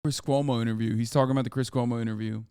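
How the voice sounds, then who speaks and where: A man streaming a reaction, talking casually with profane, mocking asides and bursts of excitement. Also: mid-range voice, very fast, clean tone, no echo, studio quality.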